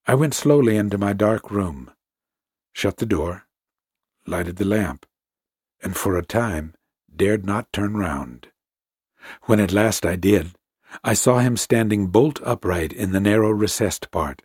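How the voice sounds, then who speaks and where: A man narrating a story in the first person, measured and tense. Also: lowish voice, a little mellow, slightly rough, no echo, studio quality. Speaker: audiobook narrator.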